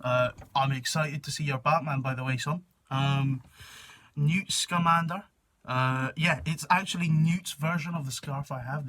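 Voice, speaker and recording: A young man talking slowly and loosely to his viewers, with a bright, forceful edge to his voice. He rambles, swears freely and throws in jokey asides. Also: medium pitch. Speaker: YouTuber. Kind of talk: casual chat reading a website on camera.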